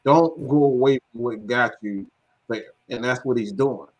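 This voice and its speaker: A man's voice: mid-range voice, measured pace, darkish tone, lo-fi sound. A man co-hosting a casual sports talk show, emphatic in his opinions. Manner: emphatic, laughs between points. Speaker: podcast co-host.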